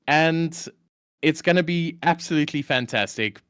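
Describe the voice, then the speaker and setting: A man's voice: a little high, normal speed, a bit bright, clear, resonant tone, no echo, clean studio sound. A man hosting a live stream, talking with enthusiasm and poking fun at himself. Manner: enthusiastic, playfully self-mocking. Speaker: stream host.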